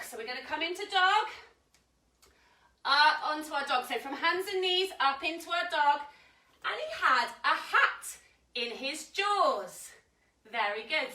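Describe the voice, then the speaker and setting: High, lively woman leading kids yoga. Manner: cheerful, encouraging instructions. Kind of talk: live kids yoga class with story reading. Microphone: live stream camera mic at a distance. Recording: echoey room, mic at a distance.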